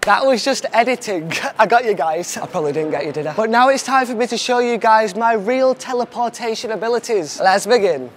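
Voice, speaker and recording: Young man, high-pitched, playful showman, comic vlog. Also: animated, a little fast, hardly any pauses, slight background noise. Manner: playful, showman, self-mocking. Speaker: vlogger.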